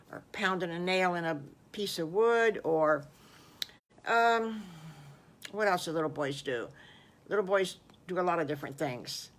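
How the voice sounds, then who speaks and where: A woman's voice: mid-range voice, fairly bright tone. Older woman, folksy, homespun, improvised storytelling, grandmotherly.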